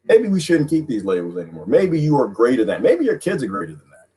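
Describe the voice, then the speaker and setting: Husky guy ranting on his stream, kinda losing his voice, laughing and mocking a lot. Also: mid-range voice, huge pitch swings, fast talker, dark tone, poor audio. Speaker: livestream host reading viewer comments. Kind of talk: casual livestream monologue.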